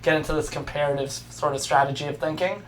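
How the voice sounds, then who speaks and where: A woman's voice: deep voice, fairly even intonation, fast talker, a little hiss or hum. A woman hosting a podcast interview, asking curious questions and often murmuring short affirmations. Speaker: podcast host. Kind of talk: casual interview chat.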